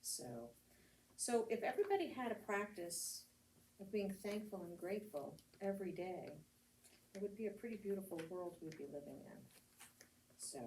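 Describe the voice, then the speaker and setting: In a roomy church meeting hall, a woman reverend with an American accent tells stories in a conversational homily, with laughs and fillers. Her voice runs on the low side with a darkish tone. She's heard from a distance, with faint ambience and slight background noise.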